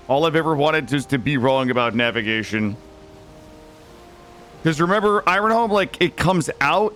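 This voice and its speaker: A man's voice: a little high, a bit bright, a little hiss or hum. A young man live-streaming a video game, talking anxiously and dramatically to his chat as he plays.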